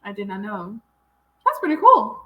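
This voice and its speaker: Woman, american accent, casual reaction chat, teasing, very lively pitch. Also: normal speed, echoey room, muffled recording. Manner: giggly, teasing, surprised reactions. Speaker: co-host of a reaction channel.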